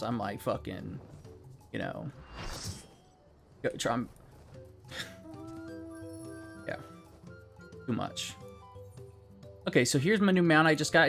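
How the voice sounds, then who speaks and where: A man's voice: medium pitch, vocal fry. A young man streaming a game, chatting casually with friends and chat in a rambling, profane, laid-back way.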